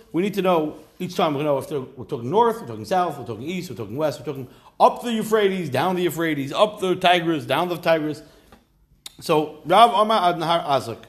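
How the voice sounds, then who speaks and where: A man with a fairly high voice teaching a Talmud class in a relaxed way. He reads the Aramaic text, then explains it in plain talk with dry, joking asides.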